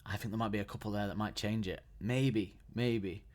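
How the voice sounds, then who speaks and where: A man's voice: lowish voice, steady tone, moderate pace, a little mellow. A man hosting a podcast alone, chatting casually and enthusiastically, often restarting his sentences. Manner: enthusiastic, rambling, frequent restarts. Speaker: podcast host. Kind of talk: casual solo podcast chat.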